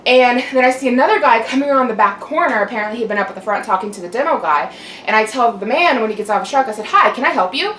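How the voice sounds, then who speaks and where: A fairly high-pitched young woman talks in a loose, rambling vent, full of "like" and the odd curse word. Her voice carries a roomy echo, as if the mic sits a little way off in a room at home. A faint steady hum runs underneath. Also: racing, far from the mic. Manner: chatty, aggravated, swears, lots of "like". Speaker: mukbang vlogger. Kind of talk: casual venting chat.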